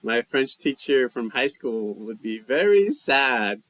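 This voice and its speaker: A man hosting a casual language-learning live chat, reading viewer comments and musing aloud at an easy, unhurried pace. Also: mid-range voice, no echo. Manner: slow, relaxed, thinking aloud while reading chat. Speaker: language livestream host.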